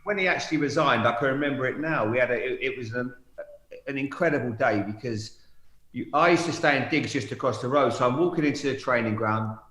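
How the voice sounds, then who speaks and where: A man's voice: medium pitch, quick pace, reverberant, low-quality recording. A man who used to play football, telling a story from his playing days in casual chat. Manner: lively storyteller, quotes remembered voices. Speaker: guest, former footballer.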